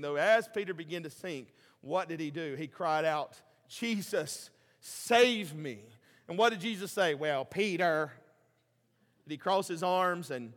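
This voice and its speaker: A man preaching a sermon, passionate, swinging between loud emphasis and quiet, low asides. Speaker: pastor. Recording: hall reverb.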